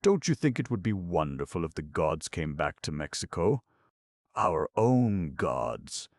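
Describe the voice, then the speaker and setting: A man voicing an excitable, pale young man with a French accent who talks in an intense, gushing, rhapsodic way. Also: a bass voice, slow, creaky, no echo, full character voice.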